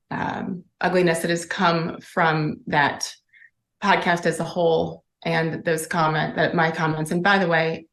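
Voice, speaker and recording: A woman's voice: fairly low pitch, echoey room. A woman, a former sportscaster, speaking as a guest in a candid interview and telling her story with emotion and earnestness.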